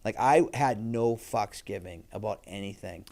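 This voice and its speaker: A man in his thirties with a gravelly, fry-edged voice. He tells his stories casually and animatedly on a podcast, swearing freely and slipping into other people's voices. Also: on the low side, normal speed, a little mellow. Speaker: podcast guest. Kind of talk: casual storytelling.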